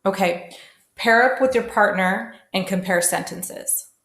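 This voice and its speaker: A woman teaching a classroom pronunciation lesson, modelling sounds slowly and carefully for students to repeat. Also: mid-range voice, creaky, a bit bright. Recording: echoey room.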